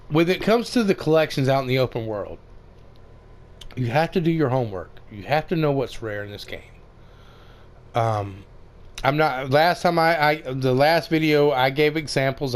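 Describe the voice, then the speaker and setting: Rambling man narrating a game tutorial. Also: medium pitch. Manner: rambling, many fillers and restarts. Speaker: gaming video creator. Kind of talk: casual game tutorial commentary.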